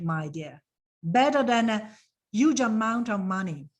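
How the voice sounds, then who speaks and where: Slow, emphatic woman trainer. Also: mid-range voice, lively intonation. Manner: emphatic, repeats phrases, emotional about her subject. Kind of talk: online training session.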